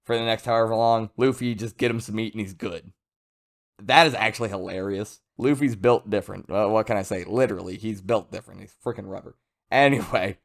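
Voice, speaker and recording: A man giving a casual, rambling video review of a comic chapter, chatty and lively. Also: lowish voice. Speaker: manga reviewer.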